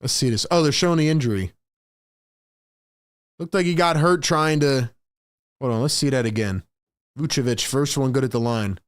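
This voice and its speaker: Excitable man on a live sports stream. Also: medium pitch, moderate pace, pauses often, no echo, clean studio sound. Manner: emotional, swings between hyped shouting and frustrated muttering; repeats lines for emphasis. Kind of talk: live play-by-play reaction stream.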